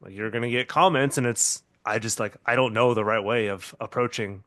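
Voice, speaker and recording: A man's voice: medium pitch, a little fast, a bit bright, dry recording. A man with a blend of Southern Californian and Pacific Northwest accent, hosting a casual podcast conversation. He hesitates and restarts his sentences, laughing easily. His mid-range voice comes through a dry, close mic. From US West Coast. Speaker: podcast host.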